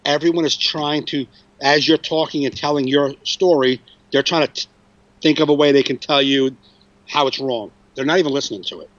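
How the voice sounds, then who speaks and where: A man's voice: fairly high pitch, a little fast, fairly bright tone, dry recording, highs cut off. A man in his forties, a comedian hosting a podcast, telling a story casually with restarts and swearing. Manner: rambling, frequent restarts and swearing.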